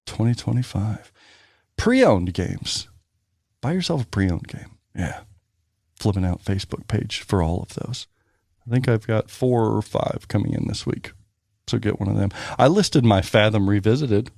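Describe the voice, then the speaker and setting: A man co-hosting a podcast in casual chat, telling stories in a ranting, profane, animated way. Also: fairly low pitch, unhurried, gravelly, no room sound, clean studio sound. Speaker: podcast co-host.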